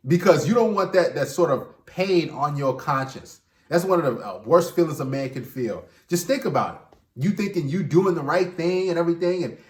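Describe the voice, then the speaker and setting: A man talking straight to viewers in an emphatic casual monologue, often repeating words as he restarts. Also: on the high side. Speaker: relationship commentator and host. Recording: echoey room.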